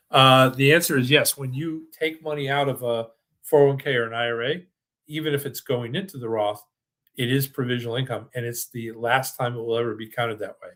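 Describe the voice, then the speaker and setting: An older man hosting a financial webinar, giving an enthusiastic sales pitch full of restarts and then answering audience questions. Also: steady tone, brisk, a bit bright. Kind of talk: presentation and live Q&A.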